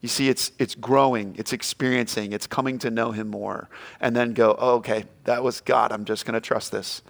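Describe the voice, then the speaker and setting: A middle-aged male pastor preaching a sermon, dropping to a hush and then shouting out quoted lines. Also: medium pitch, normal speed, creaky. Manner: animated, swings from hushed to shouting quotes.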